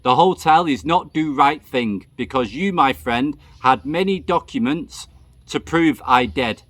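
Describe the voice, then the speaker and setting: A man voicing the restless ghost of a dead male friend, speaking calm, melodic broken English. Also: a little high, a little slow, dry recording, exaggerated voice. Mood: mournful.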